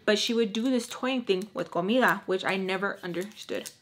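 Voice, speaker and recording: Young woman, casual storytime vlogger, chatty, acts out quotes, mid pitch. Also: moderate pace, a little hiss or hum. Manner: chatty, acts out quotes with lively voice swings, says "like" a lot. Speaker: beauty vlogger telling a storytime.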